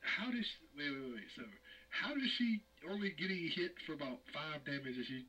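A man's voice: a little high, lively intonation, fairly quick, pushed and bright, distant mic, a little hiss or hum, rough recording. A man co-hosting a casual gameplay chat, joking and laughing, throwing in playful exclamations. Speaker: co-host of a game video.

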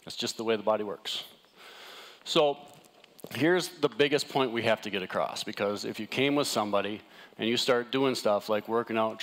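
A middle-aged man giving a casual, jokey wellness talk to a live audience, often asking the room "right?". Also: on the low side.

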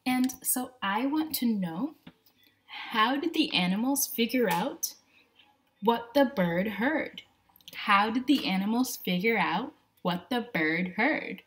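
A woman teacher reading a picture book aloud to her class from home, animated and talking to the children as friends. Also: a little high, slow.

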